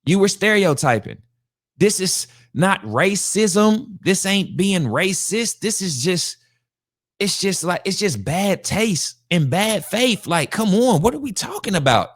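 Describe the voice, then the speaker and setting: A man with a fairly high voice gives slangy, emphatic reaction commentary, repeating his points for effect. The sound is dry and close, with no room around him. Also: very animated, measured pace, dry recording. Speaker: podcast host reacting to a video.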